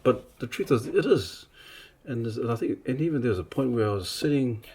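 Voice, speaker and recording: A man's voice: mid-range voice, fairly quick, breathy edge. A man from Samoa, a preacher and artist, telling stories in a casual podcast chat and acting out the other people in them. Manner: animated, acts out quotes, many restarts.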